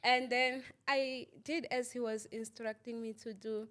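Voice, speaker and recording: A young woman, a guest on an interview show, telling a painful story in halting speech, repeating words, using many fillers and often asking if the listener understands. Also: a little high, level tone, a bit bright. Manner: asks "you understand?" often. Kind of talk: emotional personal testimony.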